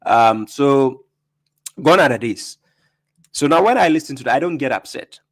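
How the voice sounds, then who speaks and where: A man's voice: mid-range voice, lively intonation, moderate pace. A man hosting a live stream, talking casually and greeting viewers by name, laughing often.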